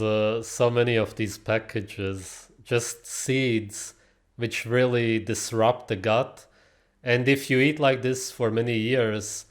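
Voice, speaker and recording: A man commenting on clips in a casual, opinionated, lecturing way, with frequent filler sounds. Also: fairly low pitch.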